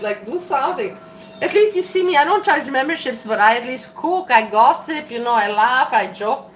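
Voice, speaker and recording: A woman live-streaming as she cooks, chatting to viewers in an animated, laughing way and swearing freely. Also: high-pitched, normal speed, distant mic. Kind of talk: casual live-stream chat while cooking. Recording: roomy echo with faint music.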